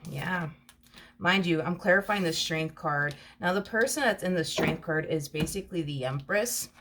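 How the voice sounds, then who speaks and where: A woman's voice: fairly low pitch, slight background noise. A woman giving a casual tarot reading, chatty and emphatic, repeating points and calling the listener honey. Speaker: tarot reader.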